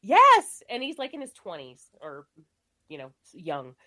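A woman's voice: a little high, huge pitch swings, a little slow, pushed and bright. A woman co-hosting a casual movie podcast, rambling with lots of fillers and frequent laughter. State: recovering from illness. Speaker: podcast co-host.

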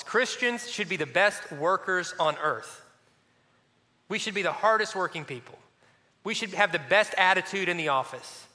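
High, bright-voiced male preacher. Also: moderate pace, long reverb tail. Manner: animated storytelling with sudden drops to a soft near-hush. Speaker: pastor. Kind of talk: sermon.

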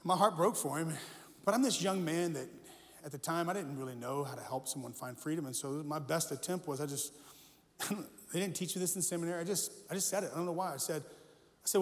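Animated pastor in an echoing church hall. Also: male voice, a little high, fairly quick. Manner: animated, self-deprecating humor, earnest. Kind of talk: storytelling sermon. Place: church sanctuary.

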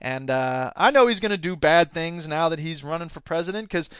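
A high-pitched man rants through a casual political podcast, sarcastic and fired up, often laughing at his own jokes. His tone is bright and sharp. The recording is dry and close, with no room sound. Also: fairly quick, smooth, no room sound. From Wisconsin. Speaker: podcast host; teacher union member.

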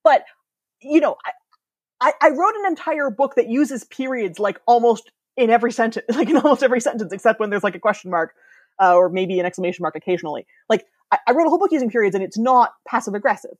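A woman's voice: fairly high pitch, expressive, fast talker, no echo. A woman in her thirties, a podcast guest, explaining ideas eagerly in casual chat and laughing often.

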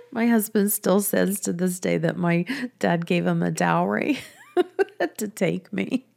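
A woman telling a personal story in a chatty, soft-spoken way, often laughing between sentences. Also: on the low side, expressive, slow pace, gravelly, long pauses. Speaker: business coach and podcast host.

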